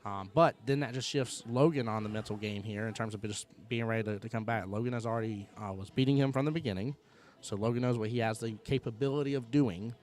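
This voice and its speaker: A man's voice: medium pitch, fast talker, a little mellow. A man commentating a pool match live, chatty and conversational, often checking in with his co-host. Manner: chatty, fills with "right?" and "like".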